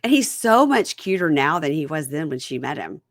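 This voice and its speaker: A woman hosting a casual recap chat, retelling scenes and playing out both sides in lively voices. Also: normal speed, dry recording, studio quality. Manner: retells scenes acting out both sides with big pitch jumps. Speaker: podcast host recapping reality TV.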